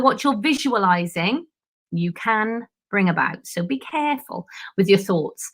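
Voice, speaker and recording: A chatty woman talks through goal setting as a coach, her voice bright and forward. She speaks in an animated, casual live-stream way and laughs often. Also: mid-range voice.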